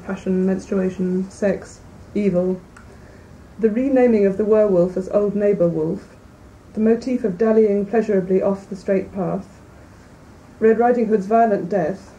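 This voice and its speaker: A woman reading a classic fairy tale aloud in a measured, clear way, then commenting on it as a lecturer. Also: medium pitch, warm tone, muffled recording. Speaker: reader and lecturer. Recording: distant mic, faint background noise.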